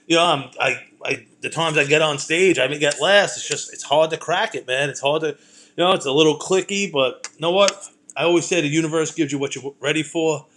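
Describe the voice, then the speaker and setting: A man's voice: a little high, fairly bright tone. A man, a comedian and host, talking in a loose, rambling monologue full of swearing and self-deprecating jokes. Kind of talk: casual monologue.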